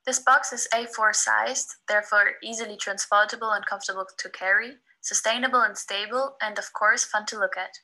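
A woman, a design student, reads a scripted presentation in an even, informative way. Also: mid-range voice, fairly quick, few pauses, low-quality recording.

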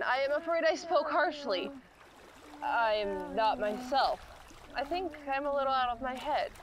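A woman's voice: high voice, noisy background. A woman acting a weak, parched shipwrecked woman, speaking wearily and mournfully in an outdoor stage performance. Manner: weary, slow, mournful. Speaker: actor playing the businesswoman. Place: outdoor marina platform.

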